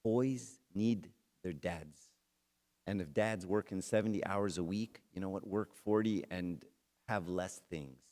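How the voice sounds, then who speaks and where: Middle-aged man, very low voice, conversational sermon, talks directly to the audience. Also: unhurried, darkish tone. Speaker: speaker at a church talk. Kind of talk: sermon with a personal story.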